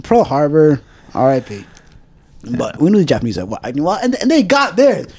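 A man's voice: a little high, huge pitch swings, normal speed, a little mellow, a little hiss or hum. A man hosting a casual podcast chat, ranting profanely and laughing often.

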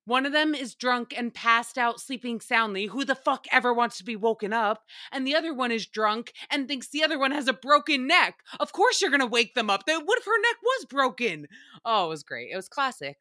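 A woman with a bright, fairly high voice chats casually on a podcast. She is animated and swears freely. The sound is close and dry. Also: dry recording. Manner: animated, profane, laughs often. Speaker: podcast host recapping reality TV. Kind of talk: casual chat.

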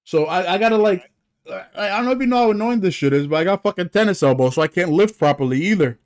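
A man's voice: sits high, lively intonation, fast. Swearing young man ranting casually. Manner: profane, rambling complaints with restarts. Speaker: podcast co-host. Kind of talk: casual chat.

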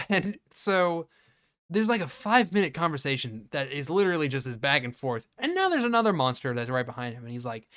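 Profane, animated male podcast host. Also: fairly high pitch, fast. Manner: profane, animated retelling with quoted bits. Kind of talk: casual movie review chat.

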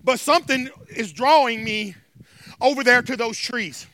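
A man's voice: very high-pitched, a little slow, pushed and bright, full character voice, rough recording. A man voicing a male monkey in a retold Bible story, earnest and wondering. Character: male monkey on the vines, curious.

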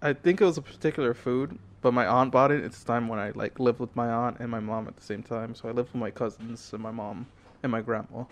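A man's voice: medium pitch, fairly even intonation, quick pace. A young man co-hosting a podcast, telling stories casually and leaning on "like" a lot. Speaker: podcast co-host. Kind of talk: casual chat, storytelling.

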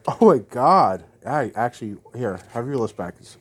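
A man with a husky voice chats casually on a podcast, his pitch jumping around a lot. He sounds tired and teases his co-host in a mumbling way. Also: lively intonation, normal speed. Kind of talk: casual chat.

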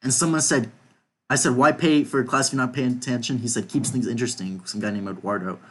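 A man's voice: medium pitch, steady tone, fast, fairly bright tone, breathy edge. Young man reading out group chat messages. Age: young adult. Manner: reads out group chat messages, swears casually. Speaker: podcast host. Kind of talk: casual chat.

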